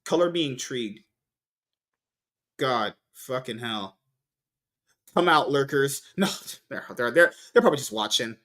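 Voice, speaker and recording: Animated, rambling male podcast host. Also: medium pitch. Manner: rambling, swears a lot, frequent restarts. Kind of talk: casual podcast chat.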